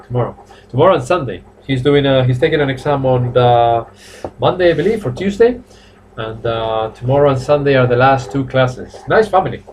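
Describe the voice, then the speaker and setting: Man, Spanish accent, English teacher, slightly high voice, encouraging, faint background noise. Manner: encouraging, repeats praise, reads students' sentences aloud slowly. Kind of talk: live online class. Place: home or academy room, online stream.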